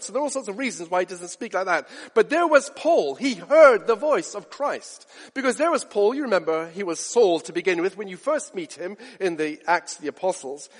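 A male preacher with a high, lively voice swings his pitch up and down as he preaches. He talks in an animated way and acts out the voices he quotes. His voice rings with a long reverb in a church hall. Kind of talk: sermon.

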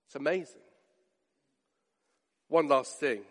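A man preaching a sermon, animated and often putting questions straight to his listeners. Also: a little high, measured pace, long pauses, husky. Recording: long hall reverb.

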